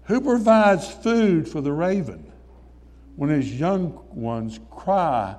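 High-voiced slow preacher in a hall. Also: male voice, animated. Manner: rising to shouted hallelujahs, calls on listeners by name. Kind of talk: sermon. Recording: long reverb of a hall.

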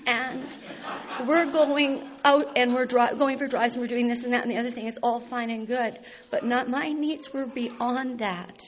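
A woman's voice: fairly high pitch, steady tone, moderate pace. A woman telling a personal faith story in an earnest, heartfelt way, tearful and laughing through her tears. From Canada. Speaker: speaker sharing a personal testimony. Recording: slightly dull recording with faint hiss.

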